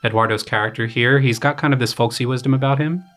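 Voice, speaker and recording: In a mid-range voice and at a fast clip, a young graduate student composer talks through his opera in a casual podcast conversation. He's relaxed, sprinkling in plenty of fillers and paraphrased quotes.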